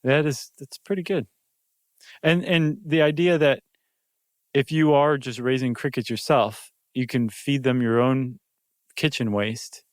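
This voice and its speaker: A man's voice: medium pitch, fairly even intonation, a little slow, dry recording, clean studio sound. A man co-hosting a podcast in casual chat, jokey and chatty with filler ums. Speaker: podcast co-host.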